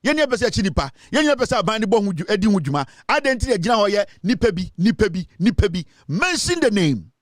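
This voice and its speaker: A man's voice: high-pitched, sing-song, racing, hardly any pauses, dry recording, studio quality. A Ghanaian man giving impassioned commentary, lecturing emphatically and switching between English and Twi. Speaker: online commentator.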